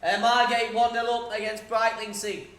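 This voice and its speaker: High-voiced streamer in an echoey room. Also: male voice, flat delivery, moderate pace, a bit bright. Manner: chatty, reads scores aloud, swears, laughs often. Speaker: football watchalong streamer. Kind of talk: live score commentary and chat.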